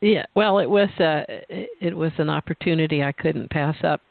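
An interview host telling a personal story and posing questions in a measured, conversational way. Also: mid-range voice, vocal fry, no room sound. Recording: tinny phone line, dry.

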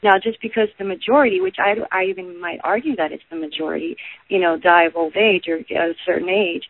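A woman's voice: on the low side, fast talker, slight background noise. A woman guest, a stage performer, talking earnestly and rambling with lots of "you know". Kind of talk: casual interview chat. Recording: tinny phone-like line, dry.

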